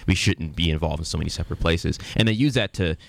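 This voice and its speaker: Very deep, gravelly man chatting. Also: fast. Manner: loose and conversational, leaning on "like". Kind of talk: casual political discussion.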